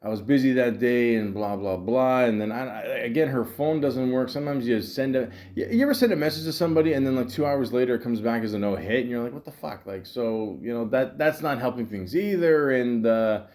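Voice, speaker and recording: A man's voice: mid-range voice, a little fast, few pauses, a little mellow. Frustrated rambling podcast host, man. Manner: rambling, frustrated, full of fillers and quoted back-and-forth. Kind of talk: casual storytelling monologue. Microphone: podcast microphone.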